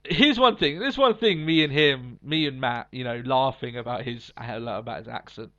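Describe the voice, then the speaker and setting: A man's voice: mid-range voice, moderate pace, fairly bright tone. A man co-hosting a wrestling podcast, talking in a blunt, opinionated way and swearing freely. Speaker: podcast co-host. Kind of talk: casual wrestling chat. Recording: slightly dull lo-fi sound.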